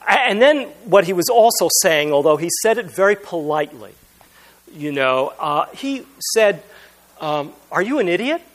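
Pastor guy with a pretty high voice, joking about himself in his sermon. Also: lively intonation, measured pace, a little hiss or hum. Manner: humorous self-deprecating storytelling.

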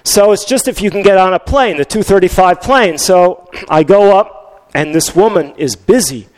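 Older male pastor with a high voice. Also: moderate pace, a little mellow. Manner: conversational storytelling, many restarts. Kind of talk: sermon.

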